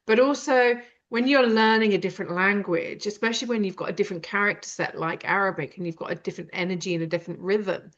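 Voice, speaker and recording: A woman's voice: medium pitch, fast talker, hardly any pauses. A British woman hosting a live conversation, talking directly and rambling with many fillers. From Britain. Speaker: host. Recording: dull lo-fi sound.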